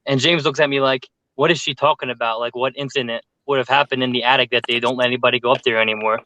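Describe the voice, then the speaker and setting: Animated man telling a ghost story. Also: medium pitch, fast, dry recording, dull audio. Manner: animated, filler-heavy storytelling. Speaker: paranormal youtuber telling a story. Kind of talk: casual storytelling on a group call.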